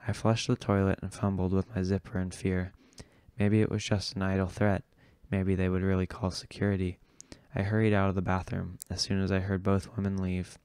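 A man reading an audiobook chapter aloud in a steady, unhurried way. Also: low voice, clear, resonant tone, no echo. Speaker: audiobook reader. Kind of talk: audiobook narration.

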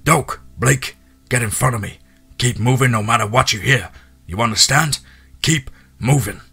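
A man's voice: fairly low pitch, normal speed, pushed and bright, soft background music. A man voicing an adult male hunter who leads under threat and gives urgent, commanding orders.

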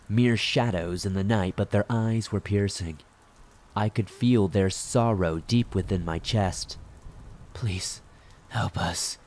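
A man with a fairly low voice reads a horror story aloud. His delivery is measured and dramatic, building suspense line by line. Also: darkish tone, a little hiss or hum. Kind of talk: scripted horror narration.

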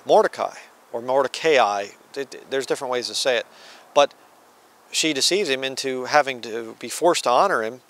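A male preacher teaching from the Bible in an easy, conversational way, stopping to read passages aloud and act out quotes. His voice sits in an average pitch range. The sound is dry and close, with no room echo. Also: a bit bright. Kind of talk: sermon-style Bible teaching.

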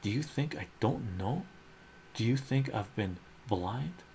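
A man voicing an earnest adult man who declares his love to a colleague, read in a soft, unhurried ASMR comic reading. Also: medium pitch, expressive, slight background noise.

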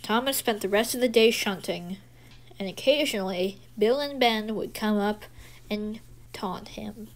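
A woman telling a home-made toy train story in a plain, unhurried manner. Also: mid-range voice.

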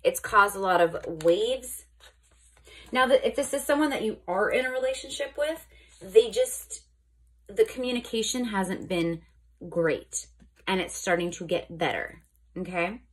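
Speaking a little slowly in a slightly rough, medium-pitched voice, a woman gives her viewers a laid-back tarot reading. She chats along, asks "okay?" frequently, and keeps restarting and correcting herself.

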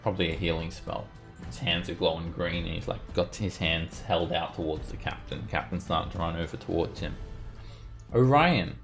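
A man with a low, gravelly voice runs an online tabletop game. He patiently walks players through the rules, then narrates what happens. His delivery is steady and matter-of-fact. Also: moderate pace, faint music behind. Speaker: game master. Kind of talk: narrating a tabletop game over a live stream.

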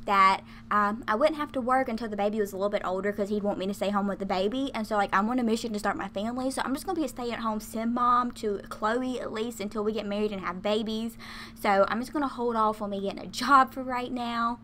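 A woman's voice: a little high, quick pace, fairly bright tone, a little hiss or hum. A young woman casually talking through a life-sim game she plays, chatty and giggly with many fillers. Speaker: gaming channel host.

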